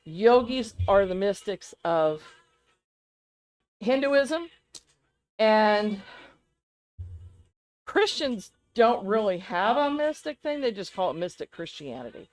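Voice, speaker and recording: A woman co-hosting a podcast chats loosely and casually, rambling animatedly from one thought to the next and laughing often. Her voice sits at an ordinary middle pitch, and she speaks slowly with long pauses. The audio quality is poor.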